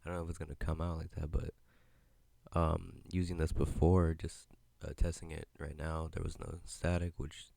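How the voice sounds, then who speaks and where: A young man hosts a casual solo podcast, rambling in a loose, laid-back way with frequent swearing. His voice is very low, gravelly and dark. He sits close to a podcast mic in a dry, dead-sounding space. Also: level tone, normal speed, dry recording. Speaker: podcast host. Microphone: podcast mic with headphones.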